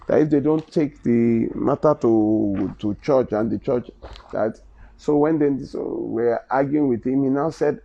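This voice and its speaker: A man's voice: medium pitch, normal speed, gravelly, warm tone. A man with a Nigerian accent teaching in sermon style, reading scripture aloud and pressing his points with rising, impassioned emphasis. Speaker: Bible teacher. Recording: dull lo-fi recording.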